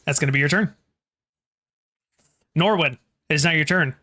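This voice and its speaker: A game master running a tabletop horror game, halting and restarting phrases while describing the scene and calling for rolls. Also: medium pitch, sharp tone.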